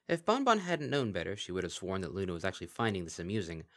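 A male storyteller reads a fantasy tale aloud. His delivery is dramatic and expressive, with a lively, rising and falling pitch. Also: quick pace, few pauses. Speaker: narrator. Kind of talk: storybook reading, voicing all characters.

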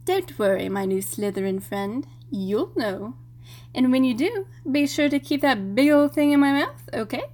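A woman playing a teasing young student witch. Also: sits high.

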